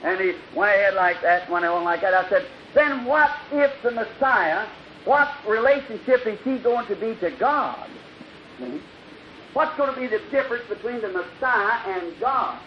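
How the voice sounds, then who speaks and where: A man preaching an old-time revival sermon, telling a story and acting out the dialogue, swinging from loud bursts to hushed lines. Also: high-pitched, animated, moderate pace. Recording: dull lo-fi archival recording with hiss.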